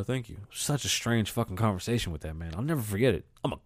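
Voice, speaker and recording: A man's voice: on the low side, animated, quick pace, hardly any pauses. A man hosting a podcast, ranting with heavy profanity and switching between English and Spanish. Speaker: podcast host. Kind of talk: solo podcast rant.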